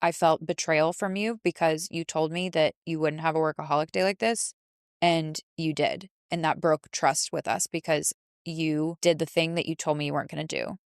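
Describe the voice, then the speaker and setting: A woman's voice: low voice, steady tone, normal speed, clean tone, no echo, studio quality. A woman voicing her own inner shame part, speaking plainly and earnestly about feeling hurt and wary.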